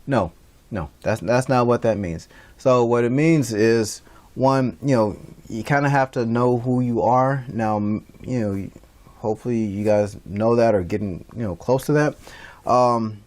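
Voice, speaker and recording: A man's voice: mid-range voice, normal speed, a little mellow. Casual, rambling male lecturer. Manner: casual, rambling with many fillers and restarts. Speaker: instructor. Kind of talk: recorded online lecture.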